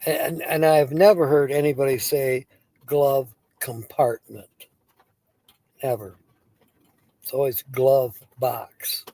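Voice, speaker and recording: A man hosting a relaxed live stream, chatting slowly and easily while he reads viewer comments and jokes around. His voice has a husky edge and sounds dry and close, with no room around it. He is goofy and giggly and keeps cracking himself up. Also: medium pitch, no echo. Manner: giggly, breaks into laughter often; playful and goofy, tickled by wordplay. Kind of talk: casual live-stream chat, reading viewer comments aloud.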